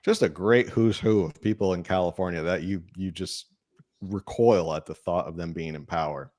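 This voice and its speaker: A man's voice: deep voice, normal speed, darkish tone, no echo, clean studio sound. A man hosting a casual political talk show, reading news articles aloud and adding his own asides. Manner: conversational, reads articles with asides and filler hums. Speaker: podcast host.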